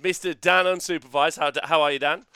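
A man hosting a podcast in a relaxed, joking way, laughing easily between introductions. His voice sits on the higher side and sounds dry and close to the mic. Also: fast, clear, resonant tone, no room sound. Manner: jokey, laughs often. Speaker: podcast host. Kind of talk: casual chat.

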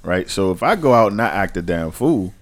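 Low, lively man arguing emphatically. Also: fairly quick. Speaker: podcast co-host. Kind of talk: casual podcast chat.

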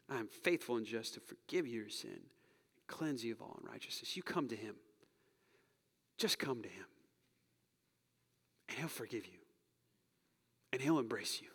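A man preaching and then praying in a church, earnest, rising to loud urging and dropping to soft whispers. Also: medium pitch. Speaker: pastor. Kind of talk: sermon and closing prayer. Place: church sanctuary. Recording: long hall reverb.

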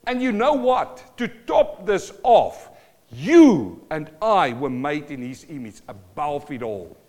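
A man's voice: mid-range voice, darkish tone, in a large hall. A man preaching a sermon, emphatic and calling out to the congregation for responses.

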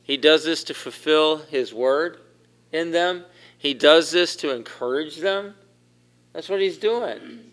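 A man's voice: a little high, slow pace, fairly bright tone. A man preaching a conversational sermon, asking the congregation questions as he goes. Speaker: pastor.

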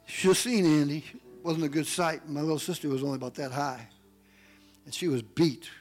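A male pastor delivers a sermon in a high, bright voice, telling a personal story with animated delivery. He shifts into other people's voices as he goes. Soft music plays faintly underneath. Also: normal speed. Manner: animated storytelling, acts out quotes.

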